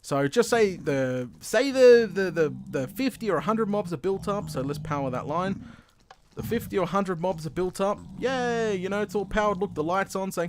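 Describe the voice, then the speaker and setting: An Australian man chatting his way through his own gameplay, excitable and quick to laugh at himself. His voice sits a bit high and swings widely up and down. There is clear background noise throughout the home recording. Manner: excitable, chatty, self-deprecating. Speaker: gaming video host. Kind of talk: casual game commentary.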